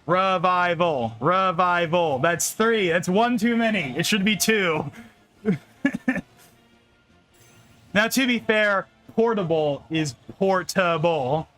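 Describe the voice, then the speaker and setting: A man's voice: sits high, takes it slowly, pauses often, fairly bright tone, faint music behind. A young man chatting casually on a live stream while playing a game, rambling, laughing often and repeating words.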